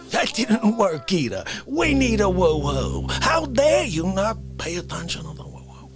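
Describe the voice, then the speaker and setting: A man hosting a live comedy stream, ranting in an animated way and swinging between shouts and whispers. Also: sits high, unhurried, few pauses, over music. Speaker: livestream comedy host. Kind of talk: unscripted comedic rant.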